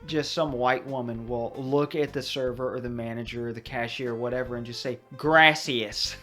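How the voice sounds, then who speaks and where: A man's voice: mid-range voice, little pitch movement, a little fast, soft background music. A young man giving casual, rambling commentary over a video game he is playing, drifting into chatty asides. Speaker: let's play commentator.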